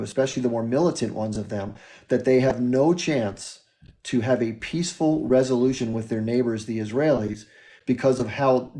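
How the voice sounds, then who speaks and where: An American man hosts a live stream debate in a measured, lecturing way. His voice is mellow and dark, sitting at a middle pitch. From United States. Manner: measured, lecturing, repeats the caller's name. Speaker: livestream host.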